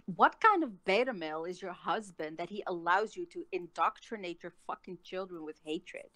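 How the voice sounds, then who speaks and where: A woman's voice: fairly low pitch, lively intonation, moderate pace, sharp tone, dry recording. Woman ranting angrily, very dry sound. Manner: angry, profane ranting. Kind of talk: heated casual chat.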